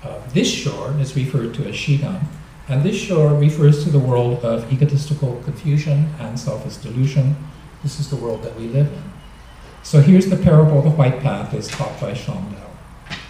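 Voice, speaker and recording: A man giving a dharma talk, explaining gently and joking now and then, recorded in a temple hall. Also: mid-range voice, normal speed, a little hiss or hum. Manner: gentle, explanatory, with light humor. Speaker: minister. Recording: echoey hall, mic at a distance.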